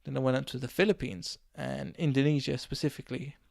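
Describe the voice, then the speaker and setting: A man from England, hosting a casual solo podcast and telling a rambling story while his voice is going hoarse. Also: medium pitch, quick pace, dry recording. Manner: rambling, animated anecdote with acted quotes. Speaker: podcast host.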